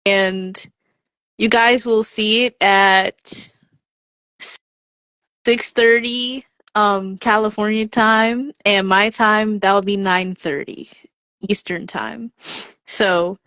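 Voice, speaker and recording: A woman with a mid-range voice tells a personal story and offers encouragement on a podcast, speaking slowly with long pauses and no echo. She's a lively storyteller who acts out the voices of the people she quotes.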